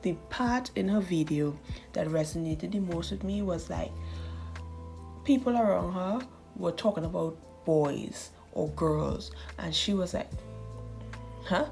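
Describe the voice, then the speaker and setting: A woman of thirty talking candidly in a casual voice-over, often laughing and dropping into soft, whispery asides. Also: on the low side, measured pace, gravelly, faint music behind. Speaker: art channel host.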